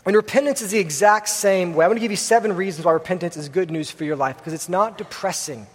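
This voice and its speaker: A man's voice: high-pitched, fast, breathy edge. A young man preaching a sermon in a church, telling a story casually with many fillers. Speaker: pastor. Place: church hall with congregation. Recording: long hall reverb.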